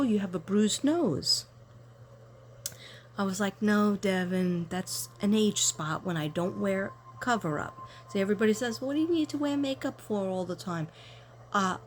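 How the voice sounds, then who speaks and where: An older woman chatting casually to her viewers while unboxing gifts, excitable and quick to gasp with delight. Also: medium pitch, a little hiss or hum. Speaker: tarot reader and vlogger.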